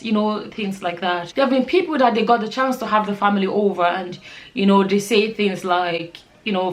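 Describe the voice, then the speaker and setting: A woman vlogger speaks straight to her camera in a casual, earnest way. Her voice sits at an ordinary middle pitch. She rambles with plenty of fillers and restarts. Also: brisk. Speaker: nurse and vlogger. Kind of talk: casual vlog talk to camera.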